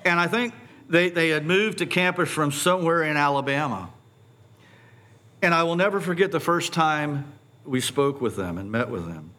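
A middle-aged man preaching a sermon, posing animated rhetorical questions and stumbling over repeated words when excited. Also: on the high side. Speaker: pastor.

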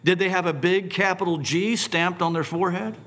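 A middle-aged man preaching a sermon, posing animated rhetorical questions and stumbling over repeated words when excited. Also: sits high, brisk. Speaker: pastor.

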